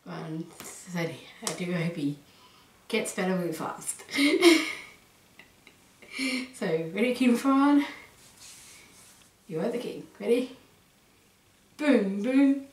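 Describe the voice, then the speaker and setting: A woman chatting casually to camera as a vlogger, giggling between phrases and rambling excitedly. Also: mid-range voice, slow pace, long pauses. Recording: roomy echo.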